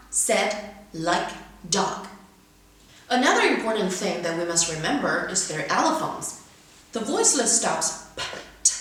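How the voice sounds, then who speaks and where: A woman's voice: mid-range voice, fairly bright tone. A woman teaching English pronunciation, carefully modeling words one by one in a lesson. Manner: careful, deliberate word-by-word modeling. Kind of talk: instructional lesson with read-aloud examples. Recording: very echoey room, mic far away.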